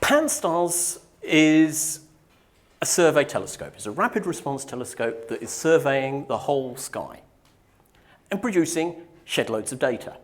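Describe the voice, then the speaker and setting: A man from Norfolk, England gives a technical conference talk to a live audience, joking and self-deprecating. He's unhurried, his voice a little high with big pitch swings.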